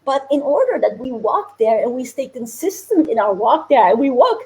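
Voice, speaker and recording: Bubbly lady host on a livestream, high voice, hyped motivational chat, keeps telling folks to comment. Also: sing-song, normal speed, a little mellow, low-quality recording. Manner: bubbly and upbeat, laughs often, urges viewers to comment. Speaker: host of an online business challenge.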